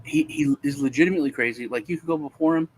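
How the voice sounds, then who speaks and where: A man chatting casually, telling lively stories about his kids and acting out their voices. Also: fairly high pitch, racing, a little hiss or hum. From Texas. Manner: animated, acts out his kids' voices. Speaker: co-host. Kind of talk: casual storytelling chat.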